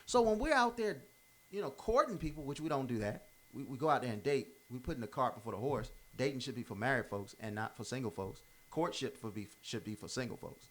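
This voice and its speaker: A man's voice: medium pitch, expressive, brisk, fairly bright tone. Guy riffing on life advice, casual, keeps restarting his sentences, punchy and informal. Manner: emphatic, repeats himself and restarts phrases; informal, drops verbs. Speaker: commentator giving life advice. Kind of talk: unscripted motivational monologue.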